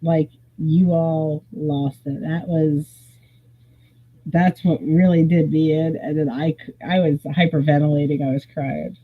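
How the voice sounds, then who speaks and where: A host telling a rambling, animated story at a slow, drawn-out pace, with a husky edge to the voice. The sound is thin and tinny, like a phone line. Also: mid-range voice. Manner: rambling, animated, swears freely. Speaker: live stream host. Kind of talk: casual storytelling.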